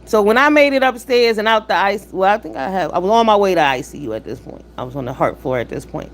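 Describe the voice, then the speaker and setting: Fast-talking, with a mid-range voice and lively intonation, a woman in her 50s delivers live-stream commentary. She lectures her chat with profane bluntness, peppering it with rhetorical questions and shout-outs.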